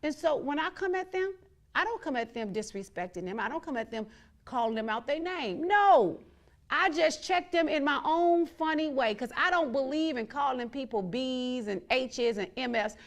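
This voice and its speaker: A woman's voice: sits high, animated, normal speed. A woman hosting her own show, speaking in a blunt, defiant monologue full of repeated, emphatic declarations. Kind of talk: outspoken monologue to viewers.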